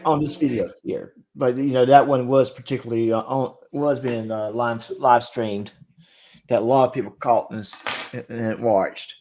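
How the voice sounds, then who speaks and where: A man co-hosting a reaction show, talking hesitantly with many pauses and fillers. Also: mid-range voice, fairly even intonation, a little mellow, poor audio. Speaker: co-host.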